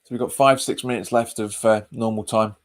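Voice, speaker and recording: A man's voice: on the low side, steady tone, brisk. A man hosts a live football watch-along. He chats casually, repeats his phrases and reads viewer comments aloud. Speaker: fan channel host.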